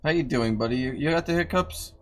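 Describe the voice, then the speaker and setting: A man's voice: fairly high pitch, brisk, fairly bright tone. A man livestreaming in casual chat, who swears freely, teases and scolds his dog in a lifted voice, and laughs often while answering viewers.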